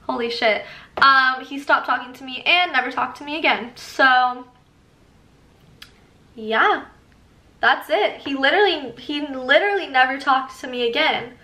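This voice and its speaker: A woman's voice: sits high, unhurried, pauses often, bright, forceful tone, reverberant. A young woman telling a casual storytime as a vlogger, chatty and reading old texts aloud with laughing asides. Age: young adult.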